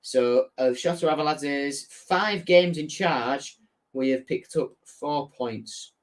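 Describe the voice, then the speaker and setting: A young man with a Hull, Yorkshire accent hosts a relaxed football fan live stream, chatting, reading viewer messages aloud, and correcting himself as he goes. His voice is on the high side and slow, with a slight hiss or hum.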